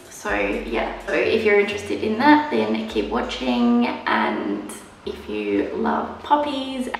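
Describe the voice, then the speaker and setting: A young woman vlogs casually to camera from a room in her house, candid and chatty, fond but exasperated as she looks after a puppy. Her mid-range voice is creaky, and the very echoey room carries audible background noise.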